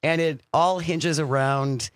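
A man's voice: on the high side, slow pace, clean tone, no room sound, studio quality. A man hosting a radio talk show in casual chat, reading out the phone number and listener messages. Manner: animated, reads out the phone number and listener texts.

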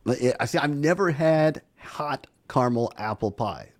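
A man's voice: mid-range voice, lively intonation, moderate pace. A middle-aged man hosting a casual local radio call-in show, upbeat and chatty. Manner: upbeat, chatty, repeats phone numbers. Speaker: radio host.

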